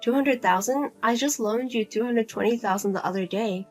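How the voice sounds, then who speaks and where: A woman's voice: a little high, normal speed, soft background music, pitched below the performer's own voice, close to an everyday voice. A woman doing a blunt, cold daughter. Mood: firm, exasperated. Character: single adult daughter, firm and exasperated.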